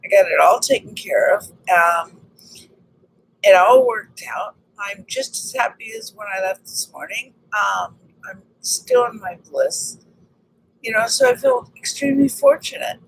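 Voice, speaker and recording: Woman storyteller, casual vlog, animated re-enactments, gravelly fry. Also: mid-range voice, measured pace, slight background noise, low-quality recording. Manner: animated, re-enacts conversations, frequent restarts. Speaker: vlogger telling a personal story.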